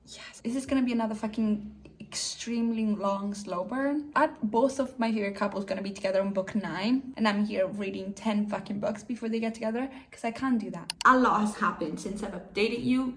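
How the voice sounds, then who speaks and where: A young woman from Italy chatting in a casual reading vlog, with animated, swearing, ranting reactions to the story. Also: mid-range voice. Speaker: book vlogger.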